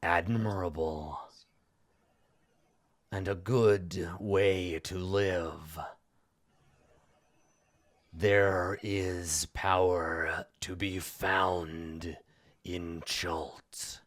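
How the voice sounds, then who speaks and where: A man voicing a slow-spoken undead male king, calm and menacing, drawing his words out until they fall to a whisper. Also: low-pitched. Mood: cold. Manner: slow, drawn-out speech sinking into a whisper.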